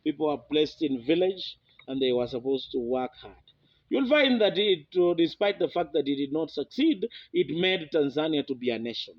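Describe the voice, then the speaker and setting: A man from Kenya, giving an informal philosophy lecture in an unhurried way, with many fillers and restarts. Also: fairly high pitch, very animated, no room sound. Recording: dull, dry lo-fi recording.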